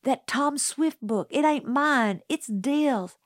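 A small girl speaks in a high, plaintive voice, earnest and uneasy, as a woman narrator puts her on. Her words come fairly slowly. The recording is dry and close. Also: no room sound. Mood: anxious. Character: young Southern girl, frightened and earnest. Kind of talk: audiobook character voice.

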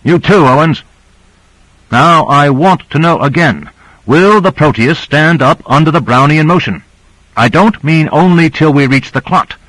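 A man's voice: a little high, fairly bright tone, no echo, pitched above the performer's own voice, low-quality recording. Guy reading a pushy argumentative scientist, dry close recording. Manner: pressing, argumentative. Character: stern, hectoring male scientist.

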